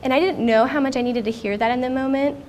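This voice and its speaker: A woman's voice: high-pitched, fairly even intonation, fast talker, darkish tone, a little hiss or hum. A woman in her thirties speaking at a conference, telling a personal story in an earnest, reflective way. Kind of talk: personal testimony talk. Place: conference stage.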